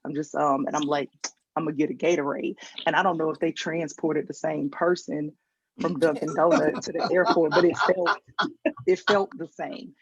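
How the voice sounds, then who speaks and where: A woman's voice: deep voice, steady tone, normal speed. A woman from Georgia with a Southern accent, doing a virtual stand-up set, telling stories with acted-out quotes and self-mocking asides over a video call. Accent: Southern American. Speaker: stand-up comedian. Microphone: video call mic. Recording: dull lo-fi video call audio.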